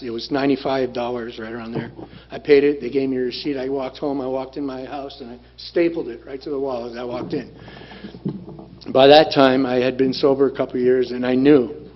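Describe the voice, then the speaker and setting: A man sharing his recovery story at a group meeting, plain-spoken and blunt, repeating phrases for emphasis. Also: medium pitch. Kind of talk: personal testimony talk. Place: meeting room. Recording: dull lo-fi room recording with faint noise.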